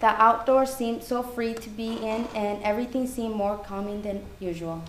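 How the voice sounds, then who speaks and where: A woman's voice: fairly high pitch, fairly even intonation, normal speed. A woman reading her own ghost story aloud, earnest and careful, correcting herself now and then. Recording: echoey room with faint background noise.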